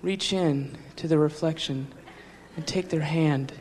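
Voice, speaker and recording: Man, stand-up comedian, wry rambling delivery, higher voice, noisy live club recording. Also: measured pace, darkish tone. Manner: wry, rambling, with laughing asides. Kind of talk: stand-up routine. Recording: live club with crowd and noise.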